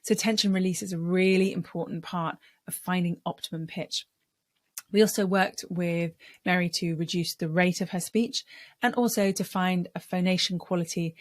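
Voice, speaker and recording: A middle-aged woman voice coach giving a lesson on speaking, explaining clearly and measuredly. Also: on the low side, dry recording.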